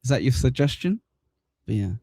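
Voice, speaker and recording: A man's voice: mid-range voice, sing-song, a little fast, gravelly, dark tone, dry recording, studio quality. A man hosting a live stream, reacting sarcastically to a clip and swearing freely. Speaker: streamer host reacting to a video. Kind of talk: casual live-stream commentary.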